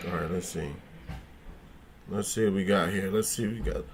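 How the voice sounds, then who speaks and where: A man's voice: low-pitched, moderate pace, background noise. A man hosting a casual gaming livestream, joking and cursing as he thinks aloud and talks back to his chat. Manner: thinks aloud, trailing restarts.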